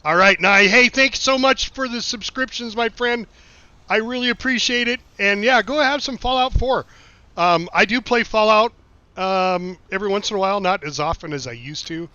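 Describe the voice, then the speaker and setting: A man's voice: sits high, moderate pace, bright, forceful tone, no room sound. A middle-aged man from the United States, a game streamer who tells rambling, swear-laced anecdotes and reads chat in a casual live-stream chat. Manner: rambling anecdotes, frequent swearing and laughing asides. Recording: dull lo-fi stream mic, dry.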